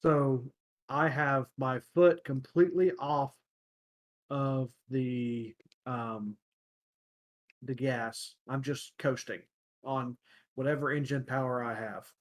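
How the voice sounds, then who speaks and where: A young man hosting a casual podcast chat, telling everyday stories in a halting way, often pausing to search for words. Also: mid-range voice, fairly even intonation. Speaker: podcast host.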